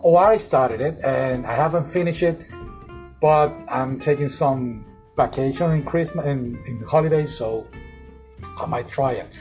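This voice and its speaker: A podcast co-host chatting casually at a middling pitch, loose and rambling with small slips in grammar. Quiet guitar music plays underneath. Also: measured pace, low-quality recording. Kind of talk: casual chat. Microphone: phone nearby on desk.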